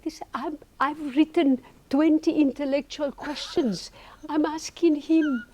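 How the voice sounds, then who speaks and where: A woman's voice: high voice, a little slow, a little hiss or hum. A middle-aged woman from Argentina, a meditation teacher, telling her story as a guest in an interview and acting out what people said, with laughs. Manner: animated, acts out quoted voices with laughs.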